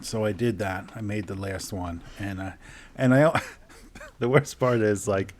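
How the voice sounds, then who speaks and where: A man's voice: fairly low pitch, unhurried, a little hiss or hum. A man co-hosting a podcast, chatting casually and swearing as he jokes and laughs about his cat. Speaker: podcast co-host. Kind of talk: casual comedic chat.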